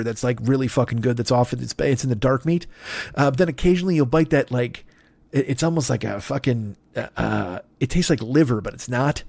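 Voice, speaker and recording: A man in his forties rants through a solo comedy podcast, swearing freely and cracking himself up. His voice sits a bit high, and the close mic sounds dry, with no room echo. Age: 40s. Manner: profane, ranting, animated, laughs at own jokes. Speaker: podcast host.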